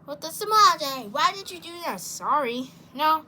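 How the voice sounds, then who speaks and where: Woman running a homemade toy skit, high voiced, bright, unhurried, rambling delivery. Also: a little hiss or hum. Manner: excitable, rambling, with many restarts. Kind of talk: plush toy skit, one person doing all voices.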